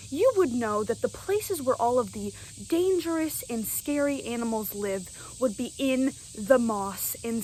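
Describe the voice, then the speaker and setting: A young woman telling a story to camera in a casual, animated way, often checking in with "right?". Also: a little high, a little hiss or hum, poor audio. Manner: animated, keeps asking "right?". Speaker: vlogger.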